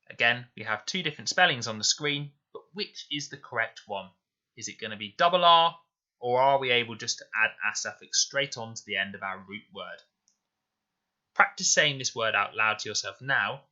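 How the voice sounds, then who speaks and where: Bright, clear-spoken male teacher. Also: medium pitch, lively intonation, muffled recording. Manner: slow, clear, deliberate explanations. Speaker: primary school teacher. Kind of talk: recorded spelling lesson. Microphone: voice-over to slides.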